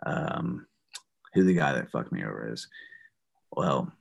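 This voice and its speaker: A man's voice: very deep voice, big pitch swings, a little slow, vocal fry, breathy edge. A young adult man, a former wrestler, telling a heated story on a podcast with lots of swearing. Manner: profane, heated, swears often. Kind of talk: casual storytelling.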